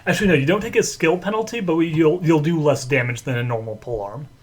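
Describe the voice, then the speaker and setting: A man's voice: a little high, fast. A man running a tabletop role-playing game as game master, talking casually and rambling with many fillers.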